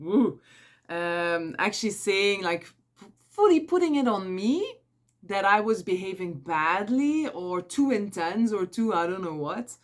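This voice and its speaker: A woman with a Flemish accent, Dutch her first language, telling a personal story in a casual, candid and animated way as an energy advisor. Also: fairly low pitch, measured pace. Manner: candid and animated, acting out quotes, laughing often.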